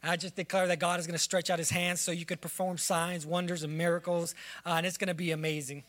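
Bright high-voiced man blessing a pastor. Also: little pitch movement, fast. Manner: preachy, declaring blessings, near tears. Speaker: church member giving a farewell tribute. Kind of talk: emotional church farewell speech. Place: church sanctuary.

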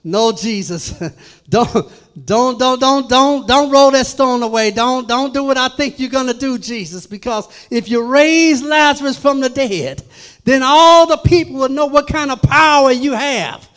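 Frantic pleading Satan, as a preacher puts him on. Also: male voice, extremely high pitch, unhurried, fairly bright tone. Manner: repeats no and don't in a rising panic.

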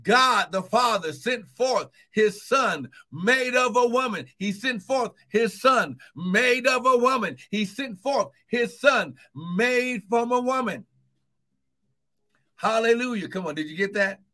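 A man preaching a sermon to an online audience, fervent and breaking into shouts, calling out repeated encouragements. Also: very high voice, lively intonation, slow pace. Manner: fervent, bursts into shouts of "woo, glory"; calls out repeated encouragements to listeners. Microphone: streaming live to online viewers.

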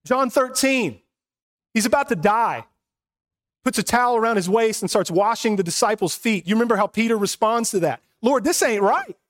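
High-voiced man preaching earnestly. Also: moderate pace. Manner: earnest, swings between soft and emphatic. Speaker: pastor. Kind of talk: sermon.

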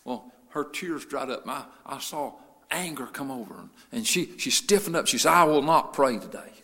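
Fervent preaching man, bright echoing voice. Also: mid-range voice, expressive, normal speed. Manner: swings from quiet storytelling to loud preaching. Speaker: pastor. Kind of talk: sermon.

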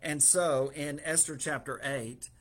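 A man with a slightly raised pitch preaches in a relaxed way. He retells a story scene by scene and slips into quoted dialogue, with filler words and small chuckles along the way. It sounds like a casual sermon. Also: measured pace.

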